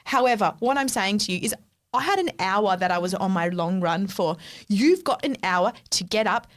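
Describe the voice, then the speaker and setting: A woman co-hosts a podcast, telling a story in casual chat with animation and swearing freely. She speaks at a medium pitch and normal speed.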